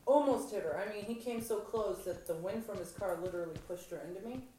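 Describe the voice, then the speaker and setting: A woman telling blunt, profanity-laced stories in a casual chat, animated when retelling. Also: medium pitch, fast. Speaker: mother telling stories while gaming. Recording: echoey room, far from mic, background noise.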